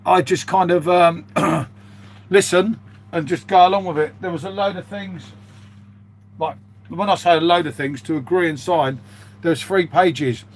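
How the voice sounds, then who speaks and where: This live streamer from the United Kingdom has a high-pitched voice and talks a little slowly. Reading the chat with a British accent, he rambles casually and keeps addressing viewers as "mate."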